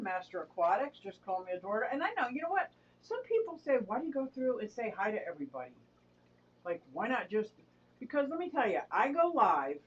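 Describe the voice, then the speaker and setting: A woman hosting a casual live stream, greeting viewers by name and chatting with them. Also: medium pitch. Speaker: live-stream host of an aquarium channel. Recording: dull, distant mic.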